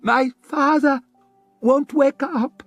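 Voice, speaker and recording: A man voicing a terrified young foreign woman, pleading in a high, desperate voice. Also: fairly even intonation, takes it slowly, fairly bright tone, no room sound, soft background music, heavily acted.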